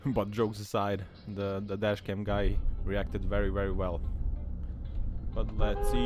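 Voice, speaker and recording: A man, hosting a commentary over car crash clips, laughing often and bursting into loud excited exclamations. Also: on the low side, measured pace, music in the background. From Serbia. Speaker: host. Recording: voice-over with clear traffic noise. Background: car and road sounds from the clips.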